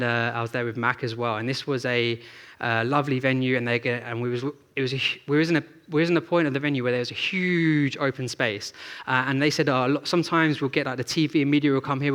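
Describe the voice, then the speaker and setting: Young guy on a theatre stage, chatty presenter, fillers everywhere, a bit high voiced. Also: sharp tone. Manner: chatty, storytelling, frequent fillers and restarts. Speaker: presenter at a tech event. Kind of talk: live stage presentation with product demo.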